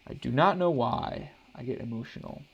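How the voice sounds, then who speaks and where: A young man with a gravelly, creaky edge to his voice talks to his stream while he sketches. He rambles, restarts his sentences and leans on filler words, keeping it casual and unhurried. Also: mid-range voice, dull audio. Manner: rambling, hesitant, full of restarts and "like". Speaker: artist streaming a drawing session. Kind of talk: casual live-stream chat while drawing.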